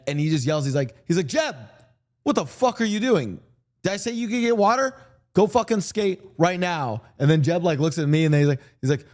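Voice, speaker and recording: A man's voice: mid-range voice, darkish tone. A young man streaming, chatting casually in a rambling, joking way with many fillers and restarts. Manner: crude, joking. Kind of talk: casual chat while streaming.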